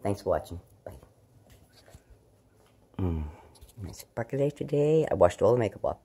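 A middle-aged woman vlogging casually at home into a camera, rambling and emotional, swinging from loud outbursts to hushed pleas. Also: rumbling low, very animated, normal speed, slight background noise. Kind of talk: casual spiritual vlog.

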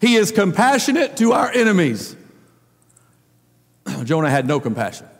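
High-voiced preacher in an echoing hall. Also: male voice, very animated, normal speed, slightly rough. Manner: swings between loud emphatic lines and low quiet ones. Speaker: pastor. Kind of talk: sermon.

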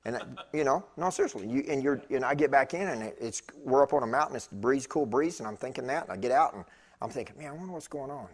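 Man, preacher, husky voice, medium pitch, storytelling sermon, loud then hushed. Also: fast talker. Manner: animated, swinging between loud bursts and hushed tones.

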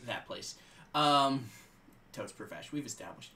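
A man's voice: mid-range voice, animated, unhurried, bright, forceful tone. A young man acting as game master, chatting casually and laughing often between rambling, restarting sentences. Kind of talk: casual chat around a tabletop game.

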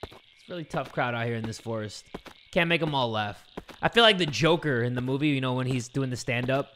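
A young man hosting a horror game let's play, joking constantly and breaking into loud outbursts. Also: mid-range voice, brisk, a little hiss or hum. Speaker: gaming video host.

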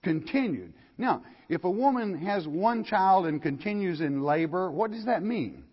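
Older pastor with a folksy teaching manner, a bit husky, lo-fi hall recording. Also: male voice, high-pitched, animated, normal speed. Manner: folksy, questioning the listeners and reading scripture aloud. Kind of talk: verse-by-verse Bible lecture.

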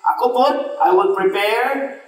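A man with a Cebuano Filipino accent preaching a sermon, mixing English and Cebuano and telling a story with lively asides to the congregation. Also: high voice, measured pace. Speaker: pastor. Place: church service in a hall. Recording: echoey hall from a distant mic.

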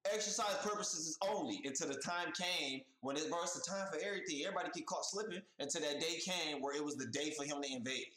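A man's voice: on the high side, fast talker, hardly any pauses, reverberant, poor audio. A man hosting a reaction video, talking in a casual, profane, slang-heavy way, repeating his points with lots of emphasis. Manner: animated, profane, street slang, repeats himself. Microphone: headphones on, desk mic.

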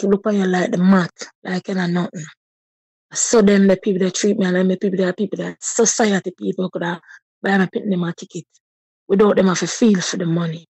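Speaking in a husky, mellow tone, a Jamaican-accented woman in her thirties gives a heartfelt personal testimony, now and then shifting into patois. The audio is dry and close-miked, with no room sound at all.

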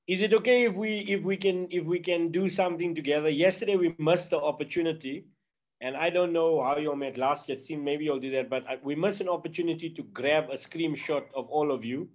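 A man's voice: on the high side, a little fast. Upbeat South African man on a video call. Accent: South African English. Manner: chatty and upbeat, leads group singing. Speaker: presenter. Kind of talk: casual online meeting presentation.

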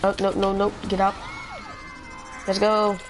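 Excitable slangy male gamer. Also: high voice, a little slow, faint music behind. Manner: excitable slangy trash talk, repeats phrases. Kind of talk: live gameplay commentary.

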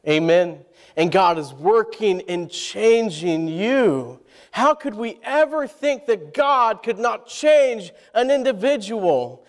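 A man's voice: high-pitched, animated, slow pace. A male pastor, preaching a sermon and asking the congregation to answer back. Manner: call-and-response preaching, asks the congregation questions. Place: church sanctuary. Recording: long church hall reverb.

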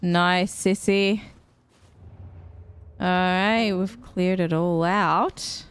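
Playful slow-talking gaming streamer woman. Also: on the low side, fairly even intonation, smooth. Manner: playful, jokey reactions. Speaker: gaming channel host. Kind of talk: casual let's-play commentary.

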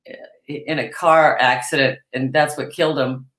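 A woman's voice: a bass voice, fairly even intonation, moderate pace, fairly bright tone, roomy sound. A woman comedian talking in casual chat, blunt and swearing freely. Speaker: comedian guest.

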